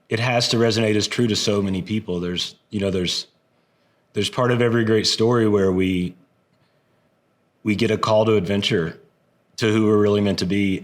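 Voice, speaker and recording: A man hosting an interview, who responds to his guest in an appreciative, reflective way. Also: fairly low pitch. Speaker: host.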